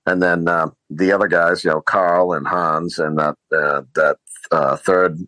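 A male podcast co-host in casual movie chat, retelling scenes with halting fillers. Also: sits low, flat delivery, pushed and bright, no echo, rough recording.

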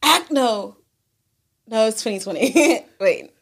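A woman's voice: fairly high pitch, lively intonation, slow, breathy edge. A young woman in her twenties co-hosting a podcast in casual chat, laughing through her stories and swearing casually. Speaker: podcast co-host.

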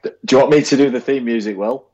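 A man's voice: medium pitch, fast talker, warm tone, highs cut off. A man co-hosting a podcast, joining in with dry, teasing banter. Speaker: podcast co-host. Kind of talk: casual banter.

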